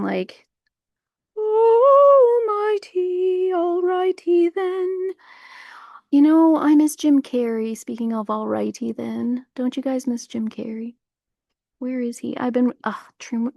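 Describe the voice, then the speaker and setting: Gravelly-voiced woman rambling outdoors. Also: on the high side, a little mellow, dry recording, clean studio sound. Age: adult parent. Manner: meandering, heavy on fillers, spiritual musings. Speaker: livestream host. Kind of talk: casual rambling monologue. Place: outdoors on a warm day.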